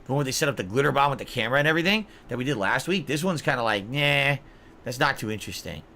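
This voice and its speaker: A man hosts his live stream and rambles through his reactions to videos. His bright voice has a faint hiss of noise behind it. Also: medium pitch, animated, racing. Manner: rambling, puzzled commentary. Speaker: streamer host.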